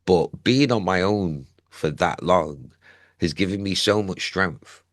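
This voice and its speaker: A man in his forties, a music artist, talking candidly in a relaxed conversation about his life and music. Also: slow pace, no room sound, studio quality. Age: 40s. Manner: candid, laughs and jumps high in pitch when joking. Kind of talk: casual conversation.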